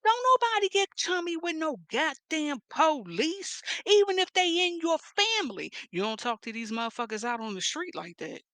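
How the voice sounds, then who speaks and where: A woman with a Philadelphia accent rants on her vlog, mocking and confrontational. Her voice is fairly high and bright, and the mic is close with no room sound. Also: sing-song, moderate pace, hardly any pauses, dry recording. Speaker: vlogger. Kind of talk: profane rant vlog.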